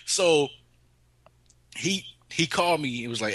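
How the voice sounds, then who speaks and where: A man's voice: a little high, animated, a little slow, fairly bright tone, no echo, poor audio. A man co-hosting a casual chat, telling a story in slang with lots of laughter. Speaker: podcast co-host.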